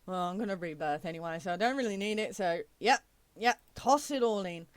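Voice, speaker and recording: Casting: woman, mid-pitch, casual let's-play host thinking aloud, dry close sound. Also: animated, dry recording. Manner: thinks aloud, many "okay"s, reads game text haltingly. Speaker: gaming channel host.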